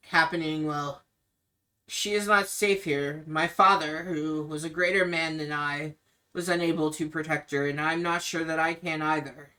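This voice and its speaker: A woman voicing a grieving, protective young man who speaks in a somber, measured, apologetic way. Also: sits low, fairly bright tone.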